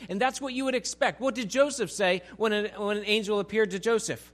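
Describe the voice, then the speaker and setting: A man, a pastor, teaching a Bible passage in a relaxed conversational way, asking his listeners questions and acting out the scenes. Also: high-pitched, fairly quick. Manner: conversational, acts out scenes with asides.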